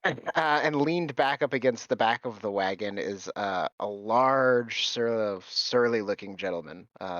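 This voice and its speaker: A man's voice: lowish voice, fairly bright tone, dry recording, lo-fi sound. A man narrating as game master for a tabletop game, with a hesitant, filler-heavy delivery.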